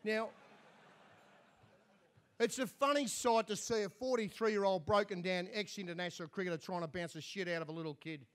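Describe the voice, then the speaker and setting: A man's voice: high-pitched, fairly even intonation, moderate pace. An Australian man telling comic stories as an after-dinner speaker, dry and self-mocking.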